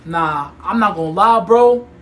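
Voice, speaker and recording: A woman's voice: lowish voice, a little slow, slight background noise. A young woman with a New York accent performing brash, slang-heavy sketch comedy. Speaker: comedy skit creator.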